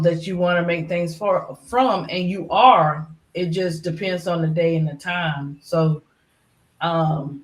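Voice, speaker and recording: A middle-aged woman chatting casually as a live-stream panelist, rambling with lots of "you know" fillers. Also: lowish voice. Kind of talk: casual chat. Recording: echoey room.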